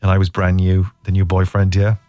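An Irish man in his thirties hosting a radio show, telling stories in a playful, chatty way with quick asides. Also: low voice, completely flat delivery, warm tone, dry recording, lo-fi sound, soft background music. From Ireland. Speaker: radio host. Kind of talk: casual radio chat.

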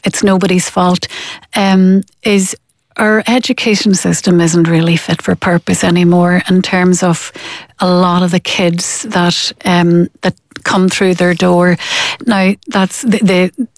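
Animated woman explaining. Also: on the low side, a little slow, no echo. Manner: animated, acts out quoted parents. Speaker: parenting expert guest. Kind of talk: conversational interview explanation.

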